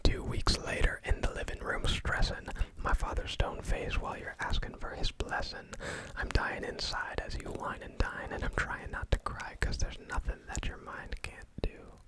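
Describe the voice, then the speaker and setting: A man voicing a young woman in love, in a whispered role-play of a rap, soft and low. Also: moderate pace, few pauses, natural voice, rough recording. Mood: tender.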